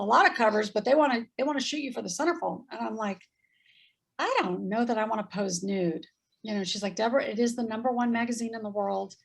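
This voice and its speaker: A woman in her fifties telling a story in casual chat, animated and acting out voices as she goes. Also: fairly high pitch, vocal fry, slightly rough. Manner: animated, acts out voices in quotes, laughs often. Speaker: guest.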